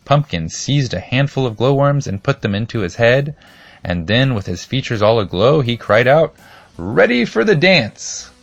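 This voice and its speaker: A man narrating a children's storybook in a steady, expressive reading. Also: mid-range voice, moderate pace, no echo, lo-fi sound.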